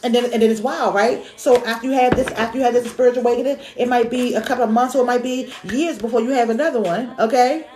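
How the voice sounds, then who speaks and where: A woman's voice: on the high side, fairly even intonation, fast talker, few pauses, noisy background. A woman giving a casual spiritual card reading on a live stream, repeating her words to encourage viewers. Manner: repetitive, encouraging, emotional, colloquial. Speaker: live-stream tarot reader. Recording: echoey room with faint music.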